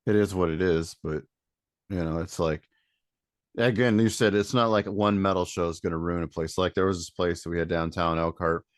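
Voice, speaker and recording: A man's voice: sits low, steady tone, moderate pace, no echo, clean studio sound. A man from Michigan, a band member guest, talking in a laid-back, rambling way in a casual interview.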